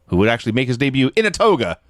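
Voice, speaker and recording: Lively male podcast host recapping. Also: medium pitch, very fast, no room sound, studio quality. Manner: animated storyteller, acts out quotes. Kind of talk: casual recap chat.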